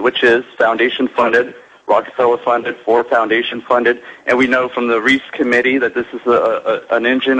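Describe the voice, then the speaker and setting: A man's voice: medium pitch, a bit bright. A man from South Texas, calling in as a local activist and telling an earnest story, sometimes acting out other people's voices. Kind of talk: phone-in account. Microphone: phone. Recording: dull lo-fi phone line.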